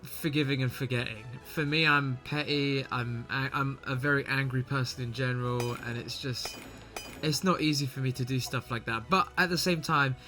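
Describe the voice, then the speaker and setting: A man's voice: medium pitch, steady tone, moderate pace, pushed and bright, soft background music. A man streaming a game, chatting casually, laughing often and swearing freely. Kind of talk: casual chat while playing.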